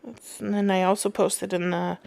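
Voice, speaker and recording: A woman's voice: mid-range voice, little pitch movement, moderate pace, creaky, darkish tone, no room sound. A young woman hosting a podcast in casual chat, reading listener comments aloud and laughing often. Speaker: podcast host.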